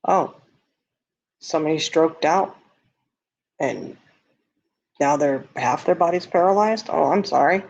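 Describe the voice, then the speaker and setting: A fairly high-voiced man with a drawl, chatting on a casual livestream. He reads viewer comments aloud and answers with blunt candor, laughing at his own lines. The audio is dull and lo-fi. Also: a little slow, vocal fry, long pauses.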